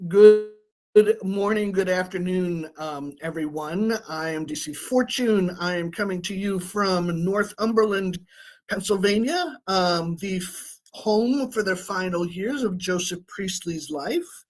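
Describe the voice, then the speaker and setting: A co-host chatting in a loose, conversational way, with frequent fillers. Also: female voice, fairly low pitch, unhurried. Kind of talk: casual chat.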